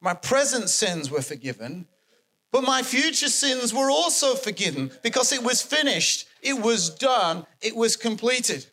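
A man preaching a sermon, animated and emphatic, repeating his key phrases for effect. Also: very high-pitched, measured pace.

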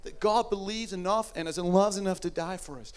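A man with a high voice preaches an Easter sermon. He drops to near-whispers, then rises to fervent, near-shouted lines. His delivery is earnest and emotional throughout. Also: a little fast, smooth. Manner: impassioned, swings from hushed to loud.

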